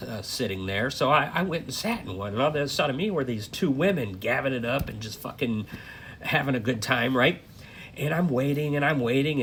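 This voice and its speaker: A man casually retelling a strange dream in a rambling, profane, animated way. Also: medium pitch, a little hiss or hum. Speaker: storyteller.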